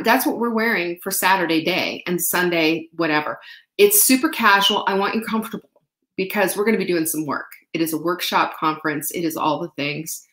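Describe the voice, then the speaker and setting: A woman's voice: mid-range voice, a bit bright, echoey room. A middle-aged woman hosting a live online show, chatting with viewers in an upbeat, rambling way. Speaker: host. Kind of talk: live-stream chat with viewers.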